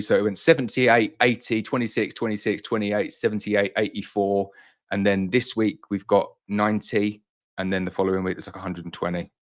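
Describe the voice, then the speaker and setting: A man who runs a beekeeping business, answering viewer questions in a casual live-stream chat, slightly out of breath and reassuring in manner. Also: fairly low pitch. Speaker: beekeeper and honey business owner hosting a live Q&A.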